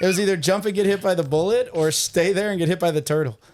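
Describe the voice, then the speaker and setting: A man's higher-pitched voice, cracking jokes at his own expense and laughing often as he plays a game on a podcast. A steady hiss of noise sits under the recording. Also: quick pace. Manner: self-mocking, laughs a lot. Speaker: podcast co-host playing a game on stream. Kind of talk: casual chat while gaming.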